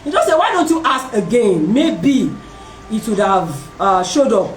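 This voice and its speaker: A woman hosting a talk, telling a personal story in a lively way and acting out the voices of other people. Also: fairly high pitch, unhurried, a little hiss or hum. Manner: animated, acts out voices in her story, laughs often. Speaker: host. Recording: roomy and distant from the mic.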